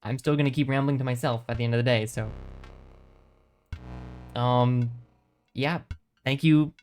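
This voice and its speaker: A male game streamer wrapping up a session with loose, casual commentary. He rambles from thought to thought, hedging and restarting his sentences. His voice sits at an ordinary, middle pitch. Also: fairly even intonation, a little slow, darkish tone, soft background music. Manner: rambling, thinks aloud; hesitant, many ums and restarts.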